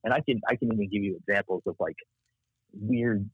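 Speaking fairly quickly in a husky, low-ish voice with a Texas accent, a marketing strategist tells stories from his career in a casual interview. He's an animated storyteller who acts out the voices he quotes, and the tinny, phone-like recording has no echo.

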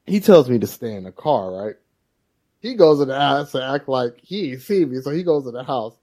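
A man's voice: medium pitch, moderate pace. A man co-hosting a podcast, telling a childhood story in casual chat and acting out the voices of the people in it. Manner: animated storyteller, acts out quoted voices. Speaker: podcast co-host.

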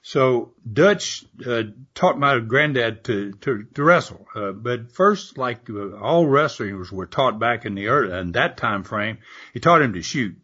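A man's voice: medium pitch, expressive, a little slow, bright, forceful tone. Older man, chatty guest storyteller, rambling and anecdotal; muffled lo-fi recording. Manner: rambling anecdotal, frequent fillers and restarts, laughing asides. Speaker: guest, former wrestler and promoter. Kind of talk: storytelling interview. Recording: dull lo-fi audio.

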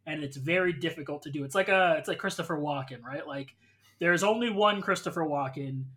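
A man hosting a podcast, his voice bright and sharp in tone. He talks at length in a relaxed, conversational way, explaining his points and leaning on fillers. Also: fairly high pitch, fairly quick. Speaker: podcast host. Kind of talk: casual chat reviewing a show.

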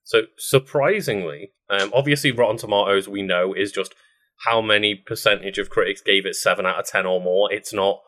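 A man co-hosting a casual podcast chat, reading out film facts with frequent ums and pauses. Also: on the low side, a bit bright. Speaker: podcast co-host.

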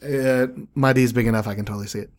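A man's voice: medium pitch, steady tone, rapid-fire. A man co-hosting a casual podcast, joking and getting defensive in a loose back-and-forth. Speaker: podcast co-host. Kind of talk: casual chat.

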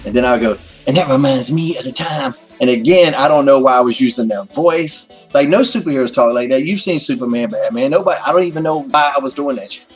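A middle-aged man telling stories as a guest in a casual interview, animated and full of profanity. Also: mid-range voice, fast talker, few pauses, faint music behind.

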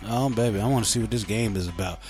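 A man's voice: on the low side, fast, over music. A man hosting a casual talk radio show, playful and loose, often repeating himself as he talks.

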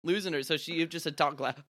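A man's voice: fairly high pitch, expressive, normal speed, fairly bright tone, dry recording, clean studio sound. A man hosting a podcast in rambling, giggly casual chat that often breaks off and restarts. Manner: rambling, giggly, self-interrupting. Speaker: podcast host.

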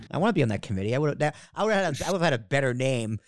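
A man's voice: mid-range voice, very animated, quick pace, no echo, clean studio sound. A young man co-hosting a casual news podcast, joking around and reading out news items with fillers. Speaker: podcast co-host.

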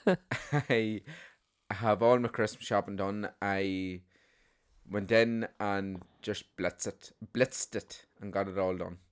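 A man's voice: fairly low pitch, steady tone, slow pace, smooth. A man co-hosting a podcast, chatting casually, telling jokes and swearing freely. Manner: storytelling, blunt, swears casually. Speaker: podcast co-host. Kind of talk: casual chat and joke-telling.

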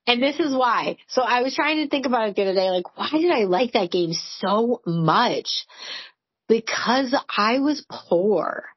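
A woman in her forties chats as a podcast co-host. Her voice sits a bit high and husky, and she tells stories candidly, with lots of "like" and the odd swear. It sounds like a dry, slightly dull home recording. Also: expressive, measured pace, no echo. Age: 40s. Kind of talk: casual chat.

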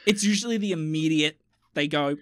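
A woman's voice: low-pitched, fairly quick. A woman podcast host, chatting casually in a sarcastic, teasing way and swearing now and then. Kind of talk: casual chat.

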